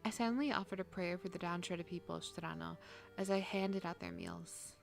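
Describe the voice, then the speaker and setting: A woman's voice: fairly low pitch, brisk, creaky, faint music behind. Crude, joking woman game streamer. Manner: reads dialogue aloud, then crude, joking outbursts. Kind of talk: casual gameplay commentary and reading.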